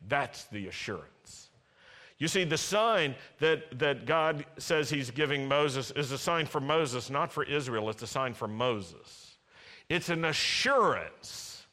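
A male pastor preaching a sermon in an animated way, acting out voices and having the congregation repeat lines after him. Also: medium pitch, takes it slowly.

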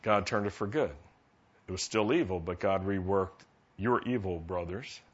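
A man's voice: low-pitched, moderate pace. A male pastor preaching a sermon and asking the congregation questions to draw them in. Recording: dull lo-fi sermon recording.

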